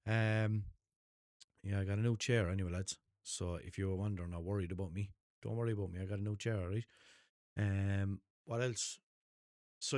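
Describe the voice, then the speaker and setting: A man's voice: on the low side, dry recording, clean studio sound. An Irish man hosting his own podcast, rambling cheekily and swearing through an unscripted monologue from a chair at home. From Ireland. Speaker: podcast host. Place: home room, seated in a chair. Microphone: headphones and desk mic.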